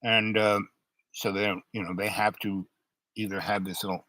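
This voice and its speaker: An older man hosting his own talk show, talking in a rambling, halting way with many fillers. His voice sounds unusual because of an old throat injury. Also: fairly low pitch, level tone, bright, forceful tone, dry recording, low-quality recording. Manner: halting, many fillers and restarts, stutters under strain. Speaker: show host. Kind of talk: rambling monologue.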